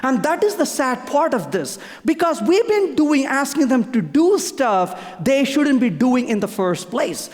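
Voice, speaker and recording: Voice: sits high, big pitch swings, measured pace, hardly any pauses, a little mellow. A conference speaker giving a technical talk, hammering home key points by repeating them, with frequent restarts. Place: conference hall. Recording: long reverb of a large hall.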